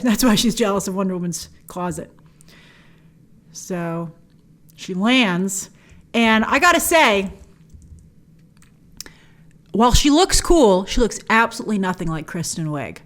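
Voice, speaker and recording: Animated woman with wry commentary. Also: mid-range voice, a little slow, long pauses. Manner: wry, joking, mocking asides. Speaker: movie trailer reviewer host. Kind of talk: trailer breakdown commentary.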